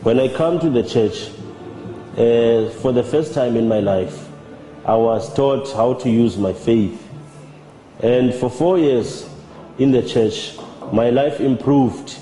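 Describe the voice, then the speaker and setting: A man giving a measured, halting personal testimony as a church member. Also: mid-range voice, dark tone. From South Africa. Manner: measured, halting, with repeated words. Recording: roomy with long reverb and faint music.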